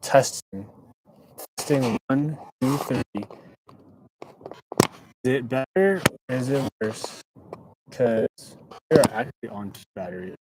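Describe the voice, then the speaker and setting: A young California man chats on a livestream from his car, reading comments aloud in a laid-back way through a clip-on mic. His medium-pitched voice is slow with long pauses, against heavy background noise.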